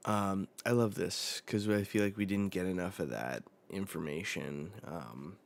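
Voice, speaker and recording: Low-voiced guy doing a chill manga reaction, slow rambly talk, lots of ums. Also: gravelly. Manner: relaxed, rambling, uses many fillers. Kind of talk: casual live manga reading reaction.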